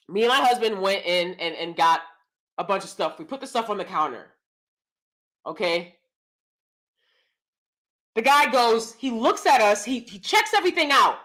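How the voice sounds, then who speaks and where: A woman's voice: high voice, fairly bright tone. A woman telling a personal story in a casual, ranting monologue, acting out both sides of the exchange and repeating herself as she gets exasperated. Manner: exasperated, repeats words and restarts.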